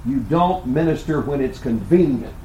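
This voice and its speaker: A man preaching a sermon, swinging between hushed, intimate asides and loud, emphatic declarations. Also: medium pitch, normal speed, slight background noise, poor audio. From United States. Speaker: pastor.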